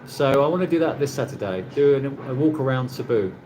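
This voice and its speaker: A man's voice: mid-range voice, expressive, brisk, background noise. A man from England, hosting a rambling casual live chat with viewers from his condo, laughing often. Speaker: livestream host. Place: condo in the Philippines.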